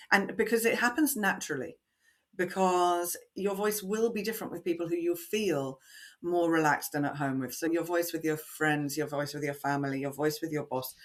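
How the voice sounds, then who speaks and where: A woman voice coach answering podcast interview questions in an expressive, animated way, acting out the lines she quotes. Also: on the low side.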